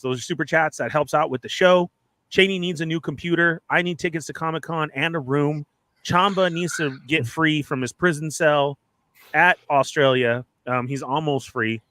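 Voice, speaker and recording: Upbeat bright-voiced man hosting a live show. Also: a little high, no echo. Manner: upbeat, joking, rattling off plugs and shout-outs. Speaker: co-host of a toy podcast. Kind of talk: casual live-stream chat.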